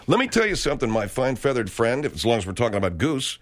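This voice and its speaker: American male radio host, profane rant, very lively pitch swings. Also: quick pace, hardly any pauses. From United States. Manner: swearing, rambling, emphatic. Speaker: talk show host.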